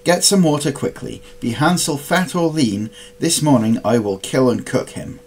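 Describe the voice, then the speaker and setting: A man's voice: mid-range voice, big pitch swings, normal speed, darkish tone, slight background noise. A man reading a storybook aloud and voicing a scolding, wicked old female witch. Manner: scolding, impatient.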